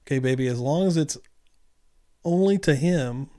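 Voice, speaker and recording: A man's voice: a little high, normal speed, dark tone. A man hosting a livestream, reading court evidence messages aloud and reacting with blunt, casual asides. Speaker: livestream host reacting to trial clips.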